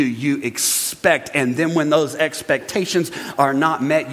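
Animated high-voiced male preacher. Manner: animated preacher, acts out complaining voices for laughs. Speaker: pastor. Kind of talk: sermon. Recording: long hall reverb.

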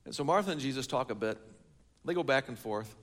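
A man's voice: mid-range voice, expressive, fast. A man preaching a sermon in a church hall, telling a story and building it with rhetorical questions. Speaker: pastor.

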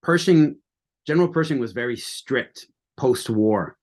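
An American man appears as a guest on a history podcast, speaking with enthusiasm and restarting his sentences often in a conversational interview. His mid-range voice is animated, slightly slow and a bit mellow.

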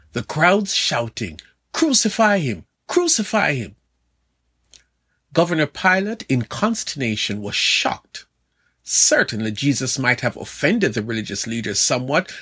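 A man's voice: mid-range voice, fairly bright tone, slightly rough. An older man, a pastor, telling a devotional sermon as a dramatic story for his daily podcast.

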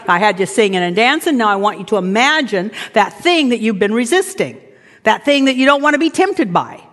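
A woman preaching a lively sermon, acting out inner voices and now and then shouting commands. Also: fairly high pitch, brisk. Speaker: pastor. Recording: reverberant hall.

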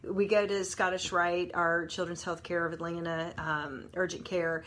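A woman's voice: lowish voice, flat delivery, moderate pace, fairly bright tone, a little hiss or hum. A woman, a nurse and mother telling a personal story as an earnest, conversational devotional talk.

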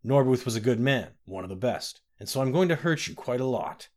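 A man reading an audiobook, voicing a calm male ambassador and mage who speaks in a measured, coldly menacing way. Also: mid-range voice, natural voice. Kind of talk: audiobook character voice.

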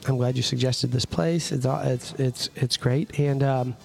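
A man's voice: mid-range voice, fairly even intonation, a little slow, gravelly, soft background music. A man co-hosting a casual podcast from a busy coffee shop, talking in a loose, rambling way with lots of fillers and restarts. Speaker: podcast co-host.

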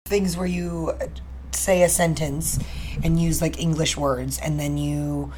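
A woman's voice: deep voice, flat delivery, a little slow, darkish tone, low-quality recording. A young American woman co-hosting a podcast, asking curious questions in a casual, laughing chat. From United States. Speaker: podcast co-host. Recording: faint background noise.

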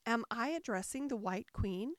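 Polite, curious young Alice, as a woman reader voices her, speaking gently and a touch timidly. Her voice is lifted slightly above the narration. It is recorded dry, with no room around it. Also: a little high, expressive, moderate pace, dry recording, voice pushed up, close to an everyday voice.

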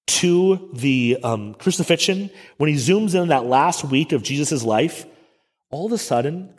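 A middle-aged man preaching a Sunday sermon as pastor, conversational, with self-deprecating asides. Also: on the high side. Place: church sanctuary. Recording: long church reverb.

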